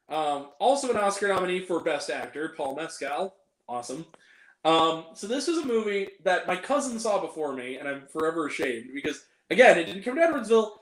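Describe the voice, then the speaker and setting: A chatty man with a high voice hosts a loose film review, tossing in jokey asides as he goes. His voice rings in an echoey room. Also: fairly bright tone. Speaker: host. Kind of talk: casual film review chat.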